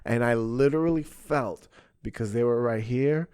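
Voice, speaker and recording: A man's voice: medium pitch, moderate pace, a little mellow, clear, resonant tone, no room sound, studio quality. A young adult man, a podcast host and stand-up comedian, telling a story in casual chat and acting out his own stage lines.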